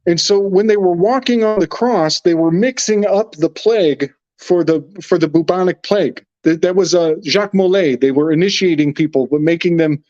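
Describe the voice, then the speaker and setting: A man who is a podcast guest, talking haltingly and earnestly over a video call. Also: high-pitched, a little mellow, no room sound, muffled recording. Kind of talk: casual podcast chat.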